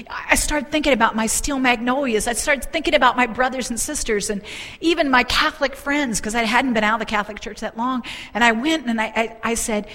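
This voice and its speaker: A middle-aged woman preaching a sermon, telling a story with fervent, animated delivery. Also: fairly high pitch, brisk, long reverb tail.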